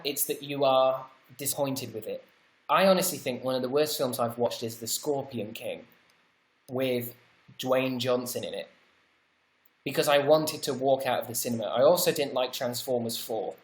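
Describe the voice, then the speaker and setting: A British man hosting a casual livestream, reading viewer comments out loud and answering them with chatty, wry, self-deprecating asides. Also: medium pitch, roomy sound. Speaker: livestream host.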